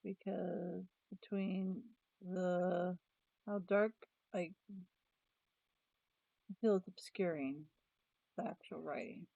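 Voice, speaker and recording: Woman vlogger at her desk, rambling thinking-aloud chat; warm low-key tone, dry and a bit dull. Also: vocal fry, dry recording. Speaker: planner vlogger. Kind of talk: casual chat.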